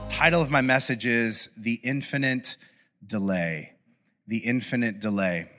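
A man's voice: medium pitch, a little slow, sharp tone, faint music behind. A man preaching a sermon, telling a story with playful acted-out asides. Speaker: pastor. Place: church podcast recording.

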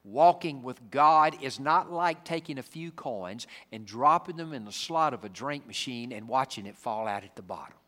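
A man preaching a sermon. He acts out the people in the story and swings between booming lines and hushed ones. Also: lively intonation, moderate pace, few pauses, in a large hall. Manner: dramatic, acts out the Bible figures, swings from loud to hushed.

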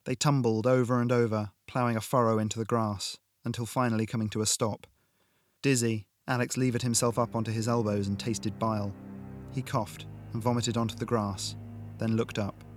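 A man narrating a sci-fi action audiobook with steady, dramatic pacing. His voice sits in an ordinary middle range. A music bed plays clearly behind him. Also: medium pitch, normal speed. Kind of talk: scripted narration.

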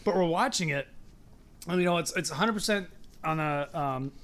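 Male podcast co-host with a high voice, crude and jokey storyteller. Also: normal speed, fairly bright tone, a little hiss or hum. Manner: profane, laughing storyteller who acts out other people. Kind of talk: casual chat.

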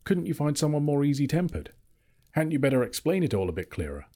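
A man's voice: a little high, big pitch swings, quick pace, warm tone, pitched above the performer's own voice. A man doing grumbling storybook dwarves. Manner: complaining, pleading. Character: group of grumbling male dwarves.

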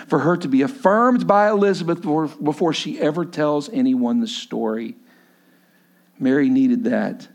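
A man's voice: medium pitch, darkish tone. A man preaching a sermon with emphasis, often repeating his key lines for the congregation. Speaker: pastor.

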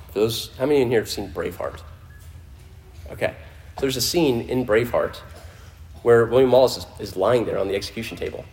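A man preaching a sermon to a congregation in a conversational way, often restarting phrases and dropping his voice low for emphasis. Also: a little mellow. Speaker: pastor. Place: church in front of a congregation.

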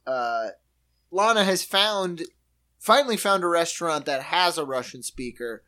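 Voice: medium pitch, measured pace. A podcast co-host chatting casually, retelling a sitcom scene with mimicked voices. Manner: lively retelling with mimicked accents and quotes. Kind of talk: casual chat recapping a sitcom episode.

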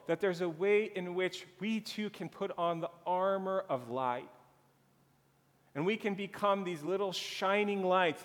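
A man pastor preaching a sermon slowly and earnestly, drawing out his phrases. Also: a little high, a bit bright. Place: church sanctuary. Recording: long reverb of a church hall.

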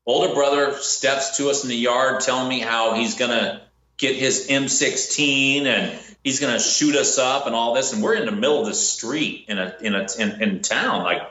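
A man's voice: moderate pace, few pauses. A man, a bounty hunter, telling a story in a casual podcast chat and acting out the quotes. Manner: animated, acts out quotes with rising pitch. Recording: echoey room, dull lo-fi sound.

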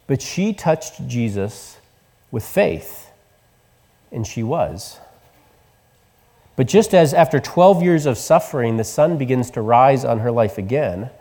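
A man preaching a sermon, telling the story with voices and dropping to soft, tender tones for the quiet words. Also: mid-range voice, in a large hall. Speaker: pastor.

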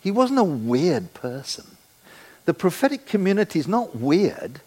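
Lively, animated older man preaching. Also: sits high, measured pace, husky. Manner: animated, playful, acts out quoted voices. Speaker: guest preacher. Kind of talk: sermon. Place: church.

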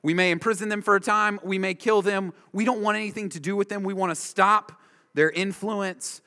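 Emphatic preacher in an echoing hall. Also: male voice, high voice, steady tone, normal speed, bright, forceful tone. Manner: emphatic, driving home points with repeated short phrases. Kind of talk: expository sermon. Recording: long reverb of a large hall.

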